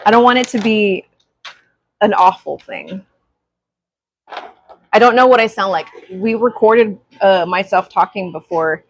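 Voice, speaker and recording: A young woman chatting on a craft livestream, greeting viewers with excited gasps. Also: mid-range voice, unhurried, long pauses, a little hiss or hum, low-quality recording. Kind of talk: casual livestream chat. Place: craft workspace at home. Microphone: small clip-on mic.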